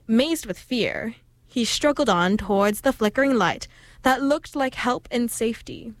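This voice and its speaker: A woman reading an old folk tale aloud in a steady, expressive storytelling manner. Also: a little high, no echo.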